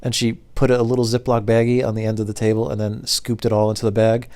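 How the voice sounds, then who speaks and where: A young man telling rambling stories to camera in a deadpan, casual way. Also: fairly low pitch, fast. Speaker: former pizza delivery driver telling stories.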